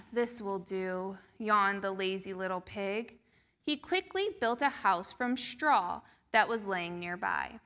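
Slow bright-voiced woman reading a storybook. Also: medium pitch, animated. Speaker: children's storyteller. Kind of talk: reading a picture book aloud to children. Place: church service.

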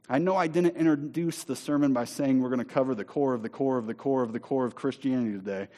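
A man preaching a sermon in a church, speaking emphatically and slowing down to stress key words. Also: medium pitch. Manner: emphatic, rising to near-shouting on scripture. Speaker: pastor. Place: church sanctuary.

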